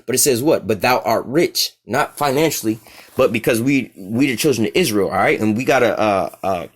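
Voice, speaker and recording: A man teaching from the Bible in a loose, slangy way. He reads the verses slowly and deliberately, then explains them in blunt everyday talk. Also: mid-range voice, husky. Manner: slangy, street-talk asides between slow verse readings. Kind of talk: informal scripture teaching.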